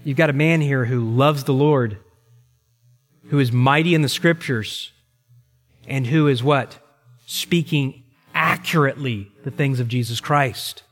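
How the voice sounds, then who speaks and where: Emphatic male pastor preaching in a hall. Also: mid-range voice. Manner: emphatic, repeats key phrases slowly. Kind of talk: sermon. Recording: long reverb in a large hall.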